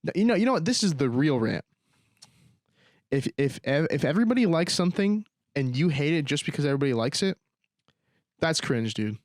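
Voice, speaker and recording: A man's voice: a little high, very animated, fairly quick, pauses often, no room sound, clean studio sound. A young man hosting a solo podcast, ranting in casual slang and leaning on sarcasm. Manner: slangy, repeats "dude" and "bro", sarcastic. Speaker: podcast host.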